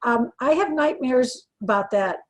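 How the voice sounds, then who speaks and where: An older woman with a high, expressive voice speaks a little slowly as a guest in an emotional personal interview. She talks earnestly and from the heart, often restarting her sentences, and the recording is rough.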